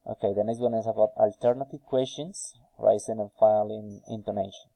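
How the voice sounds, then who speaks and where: A man reading intonation drill sentences aloud slowly and carefully for a phonetics task, with a few hesitant fillers. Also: fairly low pitch, steady tone, gravelly, mellow, no room sound, rough recording. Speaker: student recording a phonetics task.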